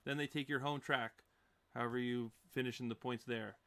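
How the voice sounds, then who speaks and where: A young man in casual podcast chat, giving rambling, halting explanations full of fillers. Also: mid-range voice, fairly even intonation, a bit bright, clear, resonant tone. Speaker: racing podcast participant.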